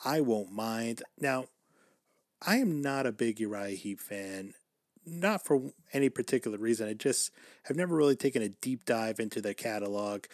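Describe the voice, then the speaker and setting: A man's voice: lowish voice, dry recording, studio quality. A man hosting his own podcast and then chatting as a guest on another, upbeat and laughing easily. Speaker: podcast host. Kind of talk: casual podcast chat.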